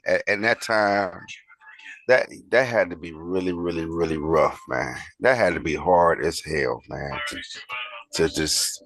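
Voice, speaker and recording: A man's voice: low-pitched, fairly bright tone. A man co-hosting a video reaction show, talking in a laid-back, profane way and saying "man" constantly. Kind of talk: casual reaction chat.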